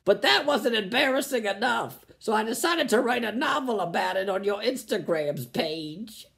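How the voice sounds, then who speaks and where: A man's voice: high voice, lively intonation, normal speed, creaky, a bit bright. A male comedian in a vlog, reading online comments aloud and mocking them sarcastically.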